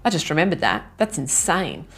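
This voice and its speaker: Animated woman coach, light music behind. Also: low voice, brisk, slightly rough. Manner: animated, self-mocking, laughs while telling stories. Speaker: retreat organizer and business coach. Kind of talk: casual storytelling to camera.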